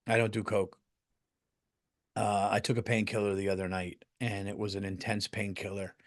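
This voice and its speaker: With a fairly low voice, a middle-aged man hosts a comedy podcast, spinning animated, casual stories. He swears without holding back and bursts into loud impressions when quoting people.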